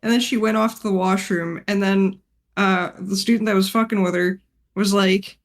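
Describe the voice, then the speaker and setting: A woman's voice: medium pitch, steady tone, moderate pace. A woman teacher chatting casually on a game stream, telling a rambling story, swearing freely and laughing often. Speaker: art teacher and tabletop game player.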